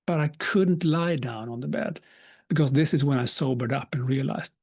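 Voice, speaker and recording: A man, giving a live talk as a speaker and telling a personal story with humor and quick asides. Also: medium pitch, darkish tone, husky. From Sweden. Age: 50s. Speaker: keynote speaker.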